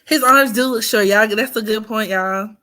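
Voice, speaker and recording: A woman's voice: fairly high pitch, normal speed, pushed and bright. A woman hosting an astrology livestream, chatting casually and teasing with frequent laughter. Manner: playful, teasing, laughs often, drops to near-whisper.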